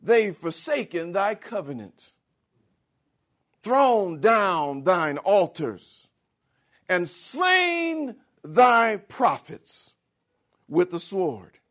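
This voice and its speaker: Brief: preacher voicing a self-important prophet, high-pitched and whiny, swooping tone, drawn-out words. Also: male voice, a bit bright, heavily acted. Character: boastful self-pitying male prophet, middle-aged.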